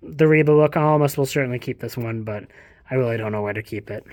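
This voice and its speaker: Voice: medium pitch, quick pace, darkish tone, no echo, studio quality. A book vlogger giving a casual, rambling bookshelf tour at home, joking, swearing casually and slipping into silly voices. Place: home, walking between rooms.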